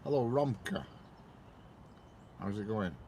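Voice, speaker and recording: Chatty low-voiced man. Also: animated, slow pace, warm tone, a little hiss or hum. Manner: rambling, chatty, greets viewers by name. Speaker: train-spotting live streamer. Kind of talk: casual live-stream chat.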